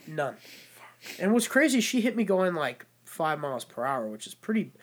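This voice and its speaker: A man's voice: high-pitched, moderate pace. A young man, a podcast co-host, telling stories in casual, profane chat. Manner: profane, animated storyteller.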